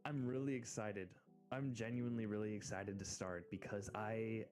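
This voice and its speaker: An American man streaming, chatting casually and excitedly in rambling asides. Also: on the low side, moderate pace, faint music behind. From United States. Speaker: VTuber streamer. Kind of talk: casual live-stream chat.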